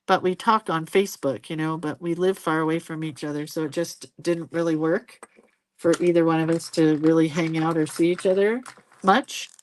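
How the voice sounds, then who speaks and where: A chatty woman in her sixties talks casually while she paints on a live stream, laughing often and hopping from one story to the next. Her voice sits a little low. The sound is close and dry, with no room echo. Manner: chatty, laughs often, jumps between stories and viewer comments. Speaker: host of a live drawing stream.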